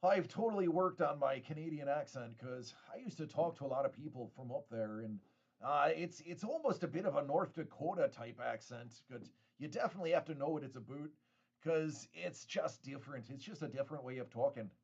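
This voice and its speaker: A man from the United States rambles and jokes through a casual live stream, laughing often and tripping over his words. His pitch sits a touch high and swings around a lot. The audio sounds slightly dull and lo-fi. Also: a little fast, vocal fry. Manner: lively joking, laughs often, stammers restarts. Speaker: host of a card-collecting live stream.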